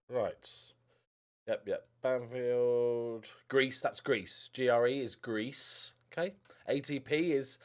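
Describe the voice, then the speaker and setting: A young man commentating casually over a football management game, rambling and muttering to himself. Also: medium pitch. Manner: rambling, mutters to himself, lively ups and downs. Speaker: gaming YouTuber.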